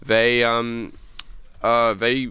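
A man's voice: mid-range voice, monotone, very slow, pushed and bright, clean tone, dry recording, clean studio sound. A young Australian man hosting a community radio show, chatting casually with slang and swearing. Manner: laid-back, slangy, swears, calls everyone bro.

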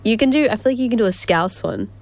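This time the young community radio host sounds fairly high, expressive, and darkish in tone, talking quickly. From the radio studio she rambles chattily, giggles a lot, and fills the gaps with ums.

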